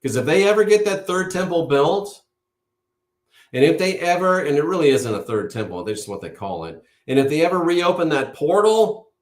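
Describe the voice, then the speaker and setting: A man's voice: a little high, very animated, normal speed. A man hosting an online show, giving an impassioned monologue to a live audience. He speaks emphatically and in a preachy way, repeating key words for force. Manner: emphatic, with insistent repetition; preachy, declaring things as certain. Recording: roomy echo.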